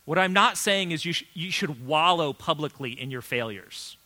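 A pastor delivers his sermon in an earnest, conversational style, leaning on emphatic pauses. His voice is bright and forceful and sits a little high for a man. He sounds like he is in his thirties. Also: expressive.

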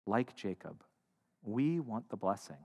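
A man preaching a sermon, shifting between loud emphatic lines and hushed, quiet ones. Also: lowish voice, very animated, measured pace, breathy edge. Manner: dynamic, swings from loud to hushed. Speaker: pastor. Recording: long hall reverb.

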